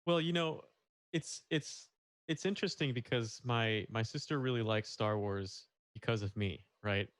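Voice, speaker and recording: A man co-hosting a casual podcast, relaxed, often repeating words and ending with "right?". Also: mid-range voice, moderate pace, no echo. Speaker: podcast co-host. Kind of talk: casual chat.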